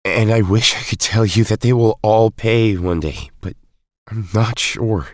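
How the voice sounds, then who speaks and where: A man plays an earnest young leader in an audio drama, speaking in a lowish voice. He reassures his teammate, recorded dry and close. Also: a little slow, dry recording, lightly acted.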